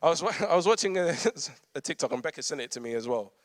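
A man's voice: on the high side, animated, quick pace, no room sound. Guy in his 30s giving a chatty sermon, laughs a lot, dry close sound. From London. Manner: storytelling with frequent laughter and humorous asides. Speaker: preacher. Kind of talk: conversational sermon.

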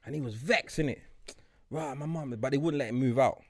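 A man's voice: medium pitch, a little fast, darkish tone, dry recording, clean studio sound. A man, chatting casually on a podcast and telling laid-back, slangy stories. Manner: laid-back storyteller, slangy, laughs often. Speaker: podcast co-host. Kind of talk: casual chat, storytelling.

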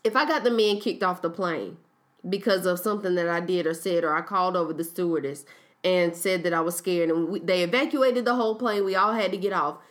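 A young woman co-hosting a podcast in casual chat, retelling a story with lively quotes and laughing at her own slips. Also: fairly low pitch, fairly quick. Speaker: podcast co-host.

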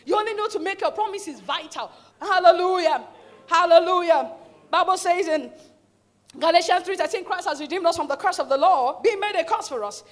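A woman pastor preaching a fervent sermon in a church, urging the congregation to repeat after her and building to shouts. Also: very high-pitched, a little fast. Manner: fervent preaching with call-and-response, rising to shouts.

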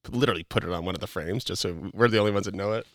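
A man recounts personal stories in an easygoing, animated way, full of "like" and "I go" as he acts out both sides of conversations. His voice sits low with a gravelly edge. The sound is close and dry. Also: rapid-fire, no echo. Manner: animated, acts out dialogue, many fillers. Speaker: guest telling stories. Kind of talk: casual storytelling.

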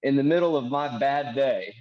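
A man teaching how to pray through scripture, reading verses slowly and turning them into earnest prayer. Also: mid-range voice, highs cut off. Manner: earnest, slows to read verses aloud as prayer. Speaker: minister.

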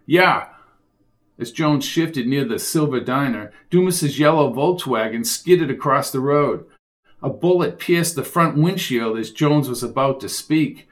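A man's voice: mid-range voice, animated, unhurried. Man narrating a thriller audiobook.

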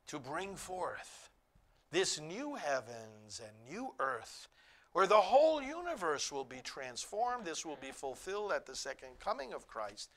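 A man preaching a sermon, emphatic, rising to near shouts on key phrases. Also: a little high.

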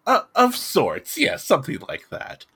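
A man's voice: fairly high pitch, wildly swooping pitch, measured pace, gravelly, pushed and bright, slightly rough, voice pushed up, exaggerated voice. A man voicing a fussy, formal young man who stammers and speaks in prim, eager phrases.

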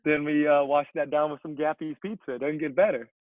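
A man's voice: a little high, steady tone, brisk. A young man, a CrossFit coach, chatting casually as a podcast guest and rambling with plenty of fillers. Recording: tinny phone-like remote line.

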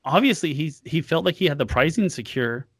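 A man's voice: fairly high pitch, lively intonation, brisk, fairly bright tone, slightly rough, no echo, clean studio sound. A man co-hosting a casual podcast, rambling frankly and swearing now and then. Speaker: podcast co-host. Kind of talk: casual chat.

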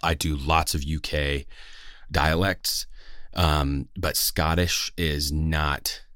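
A man's voice: extremely low pitch, fairly even intonation, slow pace, fairly bright tone, dry recording, studio quality. A man who is a voice actor, with a West Coast American accent, talking earnestly to camera with many fillers and restarts. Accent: General American, West Coast. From West Coast of the United States. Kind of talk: casual talk to camera.

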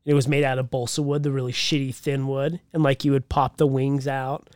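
A man's voice: mid-range voice, little pitch movement, fairly quick, a little mellow, smooth, no room sound, clean studio sound. A man co-hosting a podcast, teasing his friend with profane rambling stories in casual chat. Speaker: podcast co-host.

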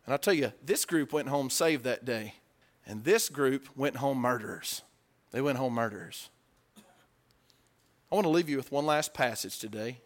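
Preaching in a conversational style, a man with an expressive mid-range voice moves at a moderate pace and takes long pauses. He asks his listeners questions, acts out quotes, and shifts between hushed asides and loud, emphatic peaks.

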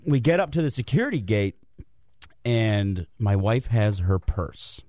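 A man on a radio sports show, telling a lively, self-mocking story about his day in casual chat. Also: lowish voice, measured pace, no echo. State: out of breath from cold. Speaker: guest commentator.

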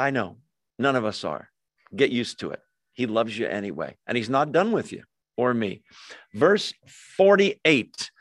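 A man's voice: mid-range voice, no room sound, clean studio sound. Man teaching a Bible sermon. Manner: conversational Bible teaching with rhetorical questions and asides. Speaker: pastor.

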